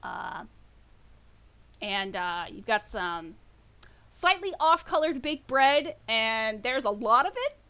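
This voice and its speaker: A woman's voice: on the high side, lively intonation, takes it slowly, pauses often, sharp tone, clean tone. A woman narrating a tabletop game as game master, rambling and correcting herself as she goes. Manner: rambling, self-correcting, laughs often.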